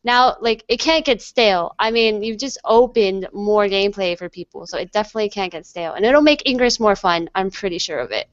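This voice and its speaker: A young American woman, a guest on an online interview, telling a story with lively acted-out dialogue. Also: medium pitch, fairly quick, few pauses, smooth, dry recording. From USA. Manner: animated storyteller acting out dialogue. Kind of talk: casual interview chat. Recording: dull lo-fi online call audio.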